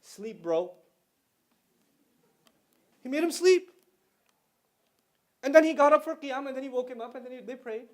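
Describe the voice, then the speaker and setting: A man's voice: extremely high pitch, brisk, pauses often. A middle-aged man giving a religious lecture to students in a conversational way, explaining terms and slipping into slang. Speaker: Islamic lecturer.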